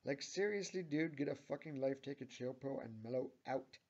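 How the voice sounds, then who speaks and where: A man's voice: mid-range voice, moderate pace, dark tone, lightly acted. A man reading the lines of an abrasive, cynical young woman who swears and grumbles, on a dull lo-fi recording. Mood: grumbling bitterly.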